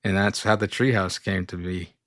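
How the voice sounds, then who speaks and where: Man, podcast co-host, low voice, relaxed storytelling, dry close sound. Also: normal speed, no room sound. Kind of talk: casual chat.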